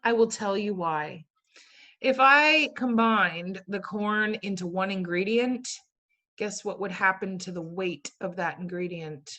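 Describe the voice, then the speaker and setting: A woman's voice: medium pitch, unhurried, sharp tone. A woman teaching a class in a playful way, firing questions at her students and tossing in jokey asides. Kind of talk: classroom lecture.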